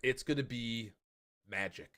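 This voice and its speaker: A man's voice: medium pitch, unhurried, fairly bright tone, dry recording, studio quality. A man casually co-casting an esports match, chatty and jokey, rambling with lots of fillers. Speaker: esports co-stream caster.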